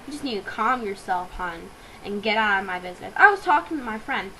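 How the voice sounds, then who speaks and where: A woman's voice: medium pitch, expressive, brisk, bright, forceful tone, a little hiss or hum, low-quality recording. A teenage girl ranting into her webcam in a fired-up vlog, with lots of fillers and hesitations. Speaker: vlogger.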